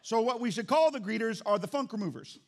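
A male pastor preaching an animated sermon in church, calling out to the congregation and acting out little scenes. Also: very high voice, fast talker. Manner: animated, acts out quotes, calls out to congregation.

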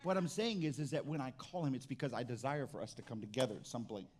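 A man's voice: mid-range voice, quick pace. A middle-aged pastor preaching a sermon in a conversational way, often restarting his sentences.

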